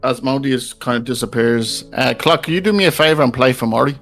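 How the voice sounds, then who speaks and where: A man's voice: mid-range voice, fairly quick, fairly bright tone, faint music behind. Man running a tabletop game. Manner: casual, explaining rulings. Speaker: game master.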